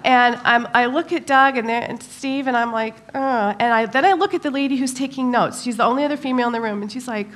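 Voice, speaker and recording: Animated woman telling a story. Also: on the high side, fast talker, hardly any pauses. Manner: animated storytelling, many ums. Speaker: church speaker. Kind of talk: personal story in a church talk.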